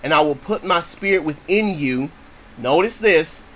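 His fairly high voice is expressive and fairly bright, moving at a measured pace on a low-quality recording. The man, a Bible teacher, preaches on scripture casually and emphatically, using informal phrasing and repetition to press his points.

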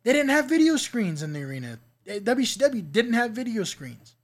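A man's voice: very high voice, big pitch swings, normal speed. A man guesting on a podcast, telling backstage stories from his wrestling past in a rambling, profane, laughing way. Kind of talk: casual storytelling chat.

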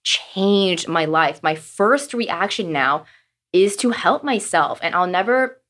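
A woman's voice: fairly low pitch, expressive, slow pace, fairly bright tone. A woman co-hosting a podcast in casual conversation, speaking candidly and reflectively with frequent "like" fillers. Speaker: podcast co-host.

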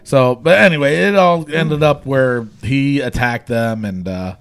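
A man co-hosting a podcast, recapping wrestling shows in casual chat, animated and laughing often. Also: mid-range voice, unhurried, vocal fry, smooth. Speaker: podcast co-host.

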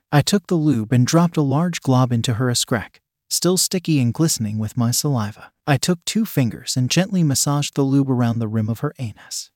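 Dry, steady male story narrator. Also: medium pitch, dry recording. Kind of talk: first-person erotic story narration.

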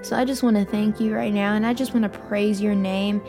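A woman hosting a faith podcast, giving a heartfelt devotional talk and praying aloud in a soft, fervent voice that sinks to a near-whisper. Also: medium pitch, fairly even intonation, fairly quick, over music. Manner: fervent, heartfelt, with casual fillers; drops to a hushed near-whisper in prayer.

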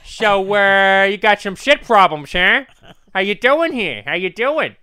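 A young man doing an impression of a loud, crude middle-aged cartoon dad, chuckling and boisterous. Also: high-pitched, expressive, measured pace, smooth, pitched above the performer's own voice, heavily acted. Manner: boisterous, chuckling, repeats "how you doing".

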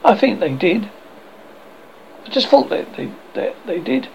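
A man voicing an excitable, dreamy young boy. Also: sits high, unhurried, gravelly, dull audio, slight background noise, voice pushed up, exaggerated voice. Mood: excited.

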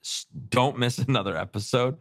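A man's voice: mid-range voice, normal speed, a bit bright, dry recording, studio quality. A male podcast co-host in casual fan chat, joking and teasing and laughing often.

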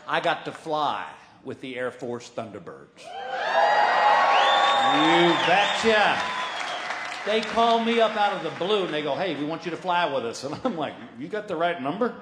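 A man's voice: a little high, big pitch swings, brisk, hardly any pauses, a crowd in the background, noisy background. A man performing a stand-up comedy routine, telling a story in a folksy way and acting out the voices of the people in it. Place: large hall before a live audience. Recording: roomy live venue sound.

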